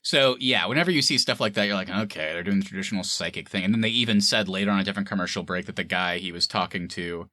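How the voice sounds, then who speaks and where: A man co-hosting a film review podcast in casual chat, animated and laughing often as he acts out scenes. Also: low-pitched, fast talker, few pauses, no echo, clean studio sound.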